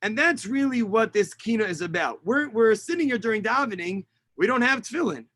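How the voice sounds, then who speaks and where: Male rabbi, animated storyteller teaching on a video call; high, dry voice. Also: brisk, no echo. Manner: animated storyteller, sprinkles Hebrew and Yiddish terms. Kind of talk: teaching a lesson with a retold story.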